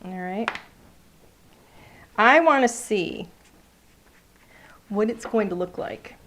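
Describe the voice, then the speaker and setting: A woman's voice: mid-range voice, animated, slow, a bit bright. A woman hosting a live cardmaking class, chatting playfully as she narrates each step of her work. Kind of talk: live crafting demonstration.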